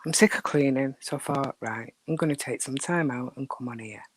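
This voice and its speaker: A woman's voice: very deep voice, fairly quick. A woman hosting a casual live stream, chatting with viewers in a rambling way, often dropping to a near whisper, with a dry throat. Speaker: livestream host.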